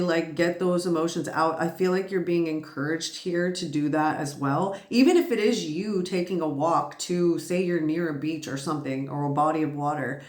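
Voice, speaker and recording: A tired woman giving a casual, reassuring spiritual tarot reading, chatty and quick to laugh. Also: on the low side. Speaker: tarot reader. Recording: roomy echo.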